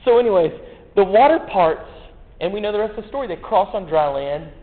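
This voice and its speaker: A man's voice: high-pitched, lively intonation, brisk. A man preaching a sermon in a folksy, joking way, full of rhetorical questions. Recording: echoey hall, tinny phone-like sound.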